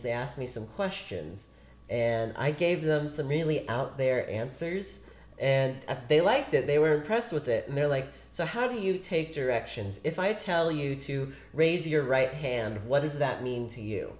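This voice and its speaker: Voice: mid-range voice, lively intonation, unhurried, a little mellow. An actor as a guest, telling a long story in a chatty, rambling way during a casual interview. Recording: roomy echo.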